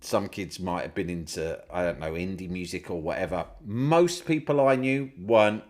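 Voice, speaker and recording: A middle-aged man from Britain, a podcast guest, telling stories in casual chat, swearing freely and loudly mimicking other people. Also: deep voice, normal speed. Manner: animated storyteller, swears freely, mimics his brother loudly.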